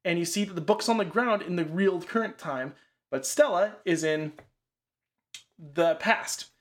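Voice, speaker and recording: A man whose voice sits slightly higher than most men's loosely talks through the plot of a horror film at a measured pace. He rambles, peppers his sentences with "like," and swears casually in relaxed, unscripted chat among friends.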